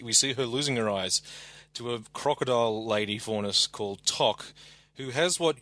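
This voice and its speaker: A man's voice: mid-range voice, pushed and bright, no echo. A man co-hosting a podcast, chatting casually about a show with blunt criticism and frequent stammering restarts. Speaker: podcast co-host. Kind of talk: casual show review chat.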